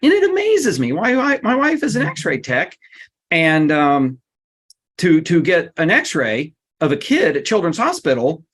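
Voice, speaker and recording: A man giving a lively seminar talk, emphatic and blunt, his voice leaping up on the points he stresses. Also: a little slow. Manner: emphatic and blunt, with sudden pitch jumps. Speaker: workshop speaker.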